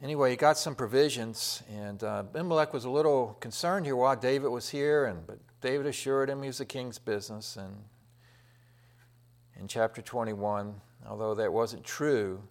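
A middle-aged man delivers a sermon, retelling scripture in a plain, folksy way. He rambles, doubles back on his words and fills pauses with "uh" and "um". His voice sits at an ordinary pitch for a man. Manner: folksy, rambling retelling with many fillers and restarts. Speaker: preacher.

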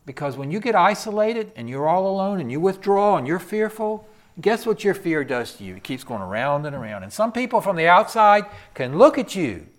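A man preaching a sermon, swinging from loud emphatic peaks to hushed whispers and throwing rhetorical questions at the congregation. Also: high-pitched, big pitch swings, fairly quick.

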